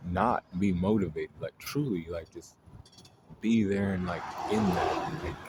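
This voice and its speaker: A man's voice: deep voice, steady tone, moderate pace, background noise. A man hosting an astrology video, talking in a loose, rambling way, full of fillers and swearing. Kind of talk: casual spoken monologue.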